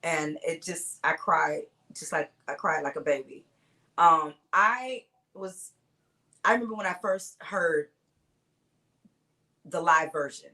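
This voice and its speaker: A woman, a singer-songwriter guest, telling stories in a relaxed interview with frequent restarts. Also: deep voice, takes it slowly, pauses often, poor audio. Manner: storytelling, warm recollection with frequent restarts. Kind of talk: casual interview chat.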